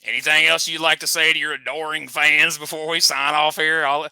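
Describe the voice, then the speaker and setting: A man's voice: fairly high pitch, flat delivery, a little fast, gravelly, pushed and bright, clean tone, dry recording. A man hosting a comic show, needling his guest in boastful country banter. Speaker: host.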